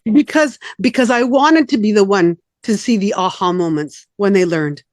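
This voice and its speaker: A middle-aged woman chatting in a group, telling lively stories and slipping into little sung bits. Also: medium pitch, normal speed, no echo, studio quality. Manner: animated storyteller, breaks into sung snippets. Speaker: study group member. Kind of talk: casual group chat on a call.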